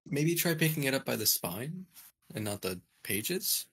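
A man's voice: medium pitch, big pitch swings, a little slow, fairly bright tone, slightly rough. A man playing his character in a tabletop game, playful and joking. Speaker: player. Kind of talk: tabletop role-play.

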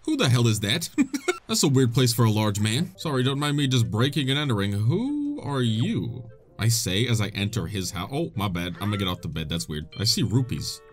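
Hyped gamer guy, super lively pitch, laughs a bunch, faint game music behind. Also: fairly quick. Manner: excitable, jokey, laughs a lot, swears. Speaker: gaming video host. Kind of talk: let's play commentary.

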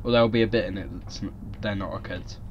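Sweary gaming youtuber. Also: male voice, lowish voice, steady tone, fast, muffled recording, background noise. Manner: casual, sweary, jokey. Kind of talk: let's play commentary.

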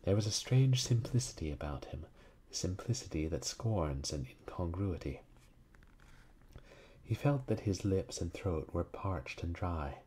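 A man reading an old horror story aloud in a slow, solemn, dramatic manner. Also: low-pitched, expressive, warm tone, slightly rough. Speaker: reader.

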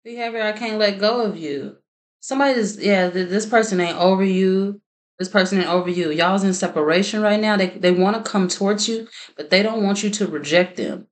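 A woman's voice: mid-range voice, fairly quick. A woman giving a chatty tarot reading, praying aloud and often laughing. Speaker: tarot reader. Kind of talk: casual tarot reading to camera.

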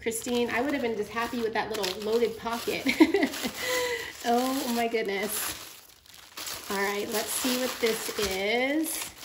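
Casting: effusive woman, bright higher voice, echoey room with faint hiss. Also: fairly even intonation, a little slow. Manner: gushing, effusive. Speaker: craft vlogger. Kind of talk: casual unboxing chat.

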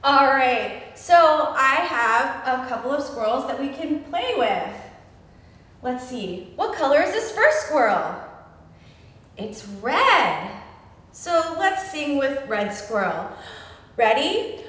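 A young woman librarian leading a virtual story time for small children, talking in an animated, playful sing-song way. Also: high voice, slow pace. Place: library room. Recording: echoey room with long reverb.

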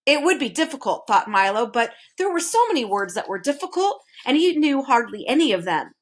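A woman reading a children's chapter book aloud, with expressive narration. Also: sits high, a little fast. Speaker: reader. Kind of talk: storybook read-aloud.

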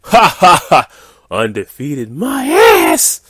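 A loud, boastful gamer nerd, as a man puts him on cackles shrilly and taunts at a high pitch. He sounds mocking and full of himself, and the recording is dry and close. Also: wildly swooping pitch, slow, slightly rough, dry recording, exaggerated voice.

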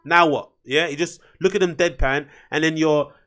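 A man's voice: fairly high pitch, normal speed, a bit bright. A man hosting a solo podcast, talking in a loose, rambling way with frequent swearing. His voice sits a little above the usual male range, and he flares up into heated outbursts. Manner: blunt, profane, rambling, heated. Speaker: podcast host. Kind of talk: casual solo rant.

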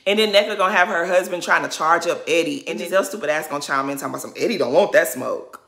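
A woman's voice: on the low side, steady tone, rapid-fire, creaky, a bit bright, roomy sound. A woman giving an opinionated recap of a reality show, indignant and emphatic with repetitive rhetorical build-ups.

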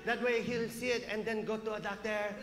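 A woman's voice: medium pitch, flat delivery, brisk, fairly bright tone, echoey room, natural voice. A male comedian voicing his nagging, blunt mother in a stand-up routine, with an insistent, scolding manner. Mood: hushed documentary. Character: nagging middle-aged mother, fussy and blunt.

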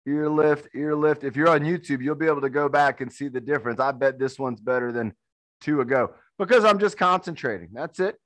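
A man leads a workout on camera, talking viewers through each move with upbeat encouragement. His voice sits a little high for a man. The sound is close and dry, with almost no room echo. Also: fairly quick, a bit bright. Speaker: fitness instructor. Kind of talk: guided workout instruction.

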